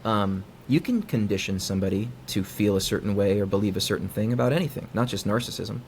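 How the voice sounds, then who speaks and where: A man with a fairly low voice explains how people behave, in an easy conversational way. He slips into quoted dialogue with shifting inflection. A faint background noise sits under the recording. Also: quick pace. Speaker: guest psychologist.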